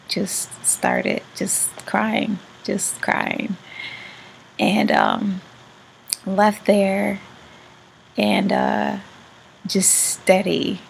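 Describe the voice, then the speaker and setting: A woman vlogger telling a personal story in a halting way, with words that often trail off into a soft whisper. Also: medium pitch, creaky, a little hiss or hum, poor audio. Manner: halting, with many restarts and fillers.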